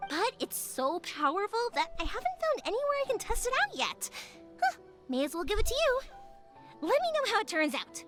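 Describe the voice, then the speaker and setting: A woman voicing a cheerful young female fireworks maker in a game, lively, breezy and generous. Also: very high voice, moderate pace, music in the background.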